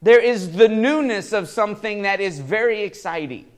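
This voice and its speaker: Man, pastor, high-pitched voice, animated sermon, chuckling, repeats words. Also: normal speed. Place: church.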